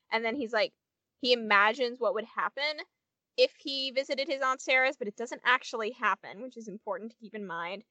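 Bright-voiced young woman, chatty. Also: a little high, brisk, no room sound. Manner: rambling, many "like" fillers. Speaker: podcast co-host. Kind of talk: casual chat.

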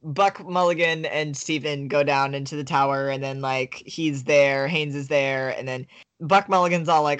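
A woman's voice: deep voice, steady tone, moderate pace. A woman co-hosting a podcast, casually recapping a book in a rambling way with lots of filler words. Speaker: podcast co-host. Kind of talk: casual chat summarizing a book.

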